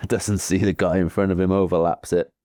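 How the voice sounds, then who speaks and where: Deep, dark-voiced Welsh man chatting. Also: level tone, moderate pace, dry recording, clean studio sound. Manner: laid-back, chatty storyteller with fillers. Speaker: podcast co-host, pro cyclist. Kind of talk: casual podcast chat.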